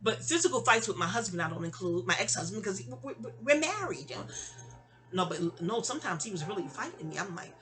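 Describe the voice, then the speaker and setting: A woman, telling a personal story in a casual audio diary, animated and profane, acting out quotes with big jumps in pitch. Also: fast talker. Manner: profane, conversational asides.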